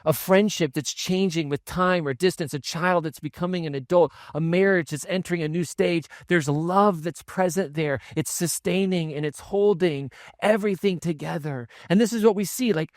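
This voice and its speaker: A man's voice: fairly high pitch, normal speed, hardly any pauses, no echo, studio quality. A man preaching a sermon as a pastor, telling the stories in a conversational way with asides. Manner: conversational storytelling with asides and chuckles.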